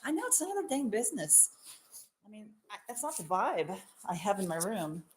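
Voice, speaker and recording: An excitable young woman hosts a casual live stream from her marshmallow shop. She chats loosely and mocks herself, breaking into exclamations and laughter. Her voice sits at an ordinary middle pitch, with a faint hiss of noise behind it. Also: moderate pace. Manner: excitable and self-mocking, with frequent laughs and exclamations. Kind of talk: casual live-stream chat while working.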